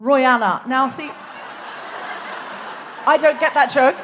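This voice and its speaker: A woman's voice: high voice, slow. A woman raised in Australia hosting a live comedy podcast on a theatre stage, teasing the audience in playful banter. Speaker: host. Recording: noisy live theatre recording.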